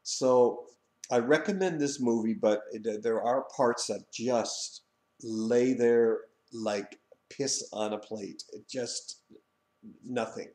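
A man's voice: medium pitch, slow, a little mellow, roomy sound. A man from Canada who hosts a video channel, reviewing a book and its film in a rambling casual way, with many fillers and restarts.

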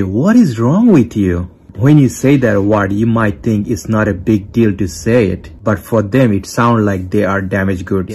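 A man hosting a relationship advice video, speaking in a calm, steady, plain way with some non-native grammar. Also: fairly low pitch, slightly rough. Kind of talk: scripted advice talk to camera.

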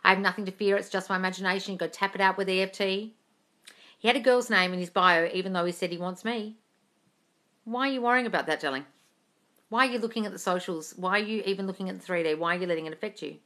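With a medium-pitched, fairly bright voice and fast delivery, a woman hosts a casual phone livestream from home with her cat. She reads viewer comments aloud, answers questions, swears freely and calls everyone darling.

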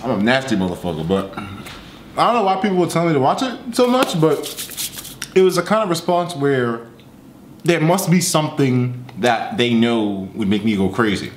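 A man casually reacting to a video, swearing and breaking into loud laughing outbursts. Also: medium pitch, animated, moderate pace, echoey room, a little hiss or hum. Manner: talks with his mouth full at the start.

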